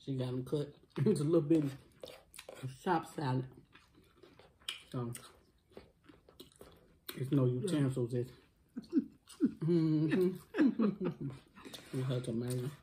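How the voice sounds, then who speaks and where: A woman's voice: extremely low pitch, takes it slowly, long pauses, warm tone, a little hiss or hum, low-quality recording. A woman chatting casually to viewers while eating, laughing a lot. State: coughing, choked up. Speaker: cooking vlogger. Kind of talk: casual food challenge chat.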